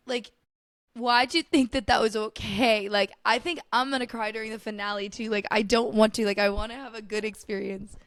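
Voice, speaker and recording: A young woman with a slightly high voice chats solo on her podcast, filling every sentence with "like" and cheerful swearing. She gushes dramatically about her shows and hops between topics. The sound is dry and close, with no room around her. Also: no room sound. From United States. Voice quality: chatty, profane, filler-heavy with lots of "like". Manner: gushing and dramatic about TV, quick asides. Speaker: podcast host. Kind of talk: casual solo chat.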